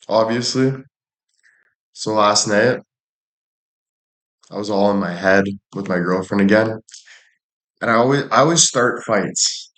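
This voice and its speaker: This man's voice sits on the low side with a slight brightness as he chats casually during a livestream from an echoey room. He's joking, cursing freely and thanking viewers by name.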